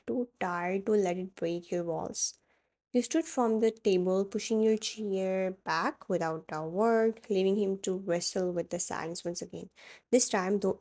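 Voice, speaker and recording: A woman narrating second-person fan fiction in a steady, dramatic storytelling manner. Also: medium pitch.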